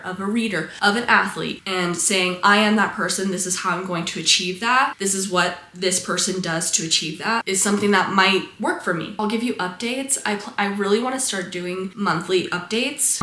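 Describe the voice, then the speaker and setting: A woman's voice: medium pitch, fairly bright tone, roomy sound. Congested young woman vlogging, chatty. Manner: chatty, self-deprecating. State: congested, losing her voice. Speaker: content creator. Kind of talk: casual vlog talk to camera.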